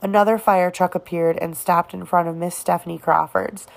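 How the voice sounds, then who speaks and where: A woman narrating a novel in a low voice with a gravelly creak. She reads at an even, measured pace, in plain audiobook narration. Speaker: reader.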